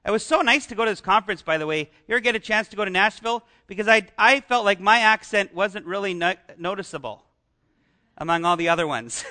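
A man's voice: sits high, lively intonation, fast talker, sharp tone. A man preaching a sermon as pastor, talking conversationally and asking the congregation questions.

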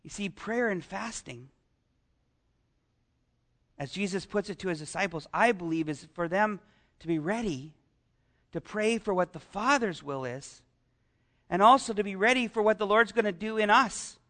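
Male pastor, high and bright, conversational sermon delivery with questions to the congregation. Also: normal speed, long pauses.

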